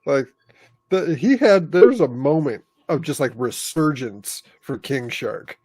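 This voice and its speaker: A man's voice: fairly high pitch, lively intonation, unhurried, darkish tone, breathy edge, no room sound. Enthusiastic man chatting, dry close sound. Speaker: podcast co-host. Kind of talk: casual chat.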